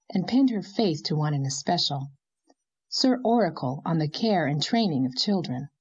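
A woman with a fairly low voice narrates a novel. She reads in an even, measured storytelling manner, steady from line to line. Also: muffled recording. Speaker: audiobook narrator. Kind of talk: scripted narration.

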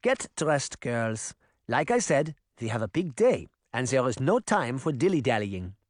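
A man voicing a bossy, cheerful old grandmother with a light German accent in an audiobook, brisk and chiding. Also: medium pitch, big pitch swings, dry recording, clean studio sound. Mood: coaxing.

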